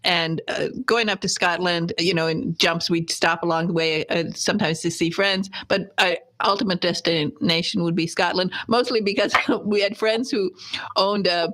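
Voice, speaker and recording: A woman's voice: on the low side, fairly even intonation, normal speed, a bit bright. Chatty woman radio host, laughing often. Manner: chatty, laughs between words. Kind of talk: casual radio interview chat. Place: radio studio.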